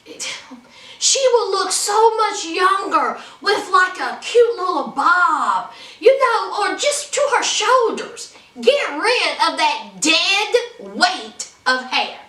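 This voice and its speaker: Woman, sassy gossip host, high bright voice, slow drawl, roomy off-mic sound. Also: big pitch swings, distant mic. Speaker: reality TV recap host. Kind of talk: casual commentary.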